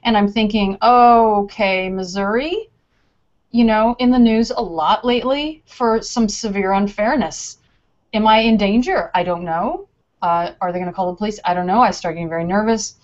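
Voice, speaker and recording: A woman guest in a casual conversation, telling her story in an animated way and acting out her own thoughts as she goes. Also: mid-range voice, normal speed. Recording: dull lo-fi recording.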